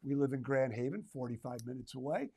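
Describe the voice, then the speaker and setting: A man's voice: mid-range voice, fairly quick, mellow, husky. A middle-aged man, a retail trainer, telling a personal story to retailers in a conversational way, with asides and humor.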